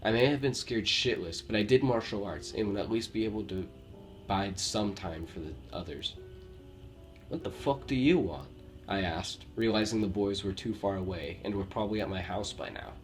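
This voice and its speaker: A man from Romania with a Romanian accent, reading true scary stories aloud with a steady storytelling delivery and the odd slip. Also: lowish voice, brisk. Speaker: horror story narrator. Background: faint background music.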